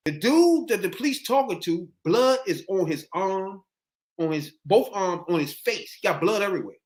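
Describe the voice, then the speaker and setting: Man, podcast host, casual slangy storytelling, fairly high voice, very lively pitch. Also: moderate pace. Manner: animated, slangy retelling.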